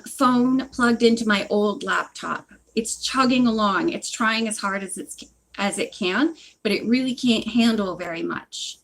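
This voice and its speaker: A woman's voice: mid-range voice, vocal fry, a bit bright, poor audio. A woman reading a book aloud and chatting in between, rambling and interrupting herself, recorded on a phone in a hot room. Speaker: reader.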